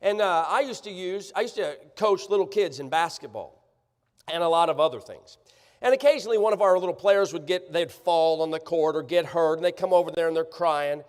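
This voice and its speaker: A man preaching a sermon, sarcastic and animated, often checking that the congregation follows him. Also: fairly high pitch, a little fast. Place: church sanctuary. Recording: church livestream, long hall reverb.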